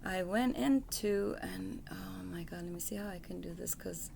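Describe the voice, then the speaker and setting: A woman's voice: fairly low pitch, normal speed, creaky, background noise. A mother talking casually to her computer camera at home, rambling and apologizing often, with lots of fillers. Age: adult with a school-age son. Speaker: parent vlogger. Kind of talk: casual vlog talk. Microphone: computer webcam mic.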